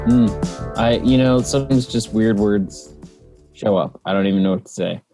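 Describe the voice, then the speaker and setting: Playful low-voiced man, devotional co-host. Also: music in the background. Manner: playful, joking, halting with fillers. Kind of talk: casual devotional discussion.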